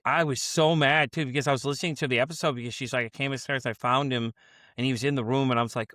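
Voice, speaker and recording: Fast-talking male podcast host. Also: mid-range voice, no echo, studio quality. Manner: animated storytelling, acts out quotes, swears freely. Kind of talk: casual podcast chat.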